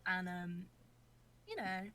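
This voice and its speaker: A woman's voice: on the low side, very animated, slow pace, pushed and bright. A young woman chatting as a podcast guest over a voice call, hesitant with fillers and self-deprecating. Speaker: guest, video creator. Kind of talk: casual chat on a podcast.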